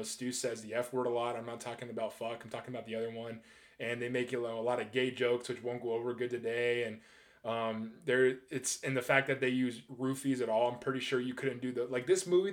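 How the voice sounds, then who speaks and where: Man, 20s, casual chat, rambling, excitable, swears freely, mid pitch. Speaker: movie reviewer.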